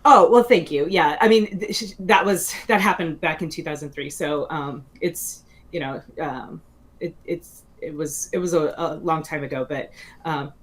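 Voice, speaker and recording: Low-voiced woman telling a rambling story. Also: moderate pace. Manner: rambling, many fillers and restarts, laughs often. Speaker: guest author. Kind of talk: casual interview storytelling.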